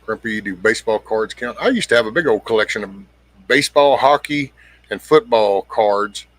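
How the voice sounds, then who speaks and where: A man's voice: fairly low pitch, lively intonation, normal speed, a bit bright. A middle-aged man hosting a casual livestream, rambling bluntly, swearing freely and greeting viewers by name. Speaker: livestream host. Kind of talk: casual livestream chat reading comments.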